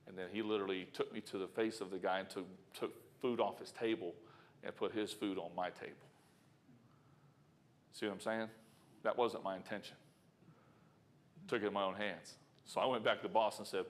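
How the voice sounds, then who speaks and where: A deep-voiced preacher speaks at a moderate pace with fairly even intonation, pausing often. Standing in a church sanctuary, he tells a work story as a sermon, chuckling and chatting straight to the congregation.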